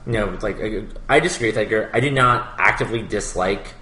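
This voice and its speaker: A man's voice: lowish voice, fairly quick, sharp tone. A man in his thirties co-hosting a podcast in casual chat, rambling with many fillers. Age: 30s. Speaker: podcast co-host. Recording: echoey room with faint noise.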